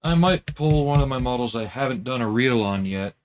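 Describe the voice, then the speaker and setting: A man hosting a casual livestream, chatting in a relaxed way and answering viewer comments while he works at home. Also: medium pitch, a little fast. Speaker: livestream host building scale models.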